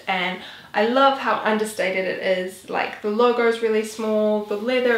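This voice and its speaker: A woman's voice: a little high, fairly bright tone, reverberant. A woman in her twenties, chatting casually as a vlogger, rambling with lots of "like" and "um". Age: 20s. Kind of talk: casual chat.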